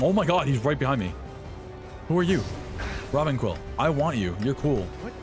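A young man streaming a video game live, talking excitedly to the characters on screen. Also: mid-range voice, brisk, faint music behind. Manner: excitable, talks to the game's characters. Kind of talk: live gameplay commentary.

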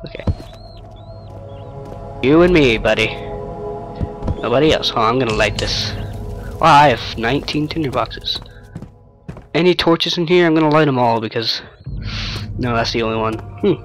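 A man's voice: mid-range voice, normal speed, long pauses, music in the background. A man giving casual, jokey commentary while playing a horror game, talking to himself and to an imaginary friend. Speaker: let's-play gamer.

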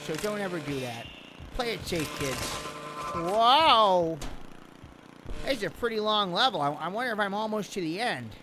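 A man's voice: sits high, sing-song, moderate pace, noisy background. A man doing Grandpa Lemon, a rambling old lemon. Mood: excited. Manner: rambling, exclaiming at the game. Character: elderly male lemon, rambling and chatty. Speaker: game commentator. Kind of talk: let's play commentary.

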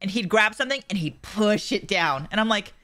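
A woman's voice: mid-range voice, lively intonation, brisk, sharp tone, soft background music. A woman hosting a podcast in casual chat, talking freely and acting out quoted remarks. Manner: chatty, acts out quoted remarks, reads chat messages. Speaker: podcast host.

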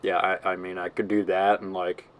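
A man's voice: deep voice, flat delivery, normal speed. A man giving casual gameplay commentary, rambling and giggling as he mocks himself. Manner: rambling, giggly, self-mocking.

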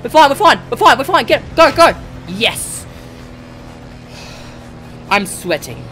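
A gamer giving excitable let's play commentary, yelling and cheering often while flying. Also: sits high, slow pace, over loud music.

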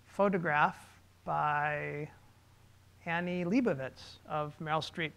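A designer with a high-pitched voice gives a relaxed, conversational talk with slides. He pauses now and then with fillers.

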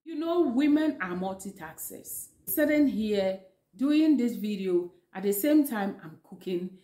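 Speaking in a dark-toned, medium-pitched voice, this Ghanaian English vlogger delivers animated yet unhurried relationship counsel straight to camera from her kitchen at home. Her sermon-like advice leans on repeated phrases, and the sound carries a reverberant echo.

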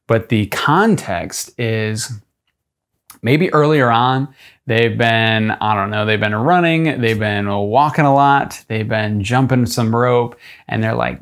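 A man's voice: mid-range voice, fairly bright tone. Casual young man coaching push-ups. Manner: loose and conversational, with fillers and self-corrections; demonstrates push-ups while talking. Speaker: strength coach. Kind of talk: casual instructional talk to camera.

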